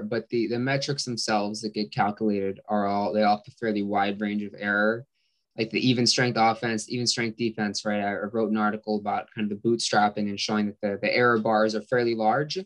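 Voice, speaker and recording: A man guest explaining stats in a measured, casual way, often restarting his sentences. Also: on the low side, fairly even intonation.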